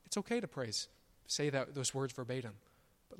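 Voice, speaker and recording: A pastor preaching a sermon, emphatic on his declarations and softer on quiet asides. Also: mid-range voice, big pitch swings, normal speed. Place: church sanctuary. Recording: long church reverb.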